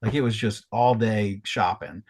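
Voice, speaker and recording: This podcast co-host has a fairly low male voice and a measured pace. In loose conversation, he tells lively stories, swearing a lot and frequently starting his sentences over.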